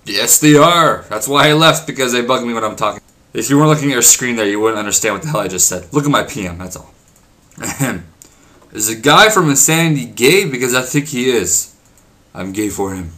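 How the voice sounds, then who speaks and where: Crude, bright-voiced young gaming vlogger. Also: male voice, mid-range voice, animated. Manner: rambling, crude and profane, swears often; says he is talking fast because he is hungry. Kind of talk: casual commentary over gameplay.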